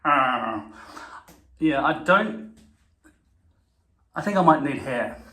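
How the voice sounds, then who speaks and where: A man's voice: mid-range voice, animated, takes it slowly, sharp tone. A man talking casually to camera, rambling, swearing and correcting himself mid-sentence. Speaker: vlogger. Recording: echoey room.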